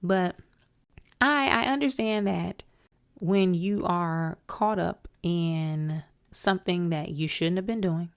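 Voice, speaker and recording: Woman, podcast host, solo commentary, lower-pitched voice, outspoken, emphatic. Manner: outspoken, emphatic, addresses listeners directly.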